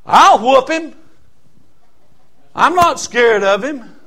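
A man's voice: very high voice, animated, slow, a bit bright, voice pushed up, heavily acted. A man with a Southern US accent voicing a fearless, eager young shepherd boy. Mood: defiant. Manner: eager, defiant.

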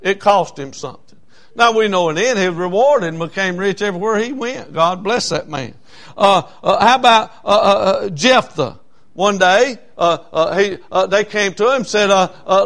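A man's voice: high voice, lively intonation, moderate pace, fairly bright tone. A man pastor, preaching a sermon in church, emphatic and repetitive with frequent fillers.

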